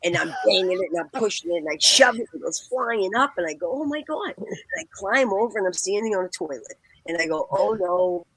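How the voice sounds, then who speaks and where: A woman, telling a lively story as a podcast guest and acting out the voices in it. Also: medium pitch, brisk, breathy edge, no room sound, poor audio. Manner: acts out quoted voices, laughs often. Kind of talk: animated anecdote telling.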